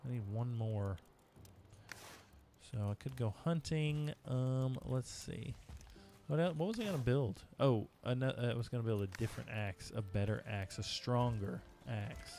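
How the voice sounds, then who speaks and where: A man's voice: medium pitch, normal speed, gravelly, dark tone. Chatty male gamer streaming live. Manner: chatty, talking to chat while playing. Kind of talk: casual live-stream gameplay chat. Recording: music playing behind.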